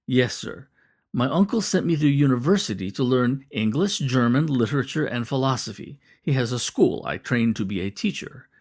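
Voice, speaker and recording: A man's voice: mid-range voice, animated, moderate pace, a little mellow. A man voicing an earnest young male immigrant photographer who speaks carefully and deferentially. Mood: polite.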